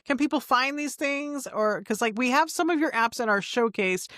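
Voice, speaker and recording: A woman's voice: sits high, lively intonation, moderate pace, a bit bright, dry recording, studio quality. A middle-aged woman co-hosting a podcast, chatting casually and playfully about tech while prompting her co-host with questions.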